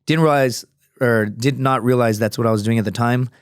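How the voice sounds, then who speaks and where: A man's voice: mid-range voice, steady tone, brisk, clean tone, dry recording, clean studio sound. Rambling, profane man telling a story. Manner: profane, rambling, many fillers. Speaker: podcast guest, former Marine and fighter. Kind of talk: casual storytelling conversation.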